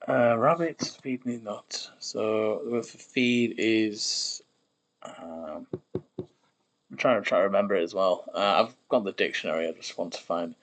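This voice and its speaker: Low, slow-talking man muttering to himself. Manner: muttering, trailing off, self-correcting. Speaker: streamer building a made-up language. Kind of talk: thinking aloud while working. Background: keyboard clicks and typing.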